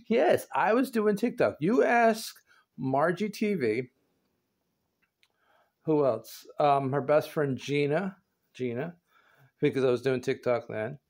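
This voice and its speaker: A man talks to his viewers in a slow, rambling, goofy way. He laughs often and veers between low mumbles and sudden loud, high-pitched outbursts. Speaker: vlogger. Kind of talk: rambling casual vlog. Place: indoor showroom with a concrete floor.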